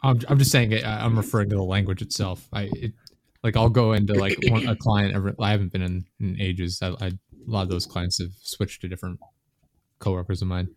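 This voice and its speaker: A man's voice: lowish voice, fairly even intonation, a little fast, background noise. A man in a casual chat, easygoing and a little hesitant, often restarting what he says.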